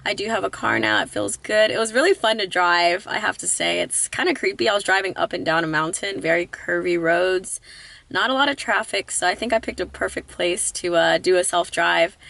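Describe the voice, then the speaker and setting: A woman's voice: on the low side, brisk, gravelly, fairly bright tone, no echo. A woman chatting to the camera as she drives and explores on a travel vlog, upbeat and self-narrating. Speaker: travel vlogger. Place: car and outdoors. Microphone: camera on dash and handheld.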